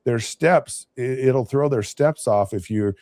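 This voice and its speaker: A man in his fifties with a relaxed, mellow tone tells a long story in a loose, chatty way, often circling back and restarting his sentences. The sound is close and dry, with no room around it. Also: medium pitch, a little slow, dry recording. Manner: rambling, with frequent restarts and repeated words. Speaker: podcast host and former NFL quarterback. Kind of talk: casual anecdotal storytelling.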